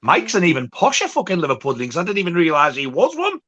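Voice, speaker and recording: A man with a Teesside accent, cracking crude, profane, deadpan jokes in casual livestream chat. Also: fairly high pitch, fast. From Teesside, north of England.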